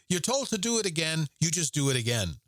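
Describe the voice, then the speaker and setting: A man's voice: a little high, sing-song, normal speed, fairly bright tone, no room sound, studio quality. A man, a former Marine, hosting a Catholic podcast who tells a personal story and preaches earnestly, repeating his key points. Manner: earnest, repetitive, preacherly emphasis.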